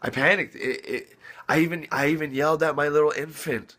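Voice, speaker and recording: A man's voice: on the high side, fairly even intonation, brisk, fairly bright tone. A young man giving earnest fatherly advice in casual talk to camera, repeating himself and restarting often. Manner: earnest, repetitive, many restarts.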